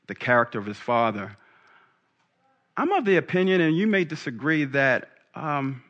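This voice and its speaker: A man's voice: medium pitch, a bit bright, muffled recording. A man preaching a sermon in a humorous, conversational way, laughing at his own jokes.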